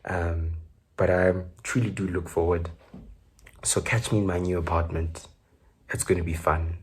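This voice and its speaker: A man's voice: sits low, little pitch movement, a little slow, husky. A South African man with a South African accent, hosting his podcast in loose, joking solo chat full of fillers. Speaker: podcast host.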